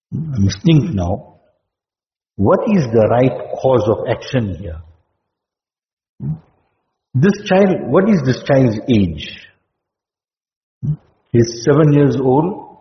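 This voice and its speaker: A man giving a sermon as a religious teacher, speaking deliberately, repeating key phrases and checking in with his listeners with "hmm?". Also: mid-range voice, sing-song. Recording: roomy hall reverb, dull lo-fi sound.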